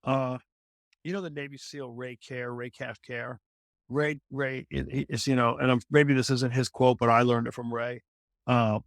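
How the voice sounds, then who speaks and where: A man's voice: medium pitch, level tone, moderate pace, no room sound, studio quality. A middle-aged man, a fitness trainer, telling stories in an interview with lots of restarts and repeated phrases. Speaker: celebrity fitness trainer, guest. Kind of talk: candid interview conversation.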